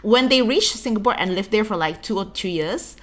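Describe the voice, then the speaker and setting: A woman's voice: mid-range voice, animated, a little fast. A young woman from Indonesia with an Indonesian English accent touched by Singlish, chatting casually and giggly as a streamer. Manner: chatty, giggly, lots of fillers. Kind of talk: casual chat.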